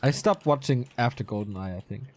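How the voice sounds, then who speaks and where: A man's voice: mid-range voice, lively intonation, a little fast. A man co-casting a strategy game match, bantering and joking at his own expense. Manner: joking, self-mocking banter. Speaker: esports caster. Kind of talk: casual game commentary.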